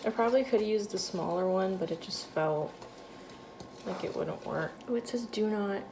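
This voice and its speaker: Excitable young Massachusetts woman. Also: medium pitch, normal speed, creaky, very noisy. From Massachusetts, USA. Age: 20s. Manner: excitable, heavy use of "like", exclamatory. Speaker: vlogger. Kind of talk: casual chat to camera. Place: at home, later in her kitchen.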